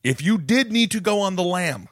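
A man's voice: high-pitched, expressive, normal speed, a bit bright, no room sound, studio quality. A man co-hosting a casual comedy chat, telling rambling stories and acting out what others said. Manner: rambling storyteller, acts out quotes. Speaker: podcast co-host. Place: traveling abroad.

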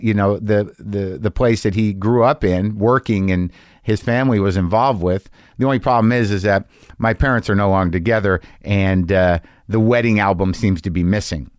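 A middle-aged man from New Jersey hosting a casual interview chat in a garage studio, talking in a wry, needling way with halting restarts. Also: fairly low pitch, no echo. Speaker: podcast host.

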